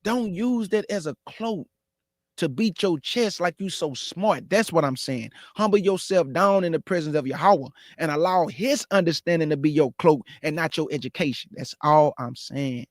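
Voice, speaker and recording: A man with a Houston, Texas accent hosts a religious talk show with forceful, aggressive passion. His voice sits high for a man. It sounds close and dry. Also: lively intonation, moderate pace, no room sound. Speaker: show host.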